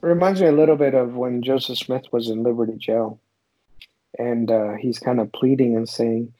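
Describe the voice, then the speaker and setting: A man's voice: mid-range voice, steady tone, normal speed, mellow, dry recording, low-quality recording. A man speaking earnestly and a little hesitantly in a casual scripture discussion. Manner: earnest, searching, hesitant fillers. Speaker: scripture study discussion participant.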